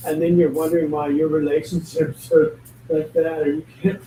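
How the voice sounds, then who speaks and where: A man's voice: fairly high pitch, flat delivery, normal speed, dark tone. A man working as a spiritual medium, talking casually in an emphatic, blunt and joking way. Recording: echoey room, distant mic, faint noise.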